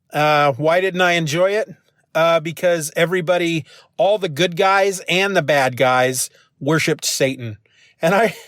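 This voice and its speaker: A man's voice: a little high, a bit bright, no room sound, studio quality. A man hosting his own solo podcast, talking into a phone in a loose, rambling way with self-mocking rants. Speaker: podcast host. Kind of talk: casual solo podcast monologue. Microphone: phone used as mic.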